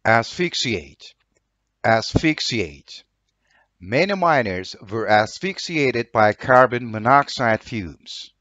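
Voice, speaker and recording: Slow Turkish-accented man reading vocabulary. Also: medium pitch, expressive, bright, forceful tone, no room sound, lo-fi sound. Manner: says each word twice, then reads an example sentence. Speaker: language teacher. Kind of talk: reading vocabulary words and example sentences.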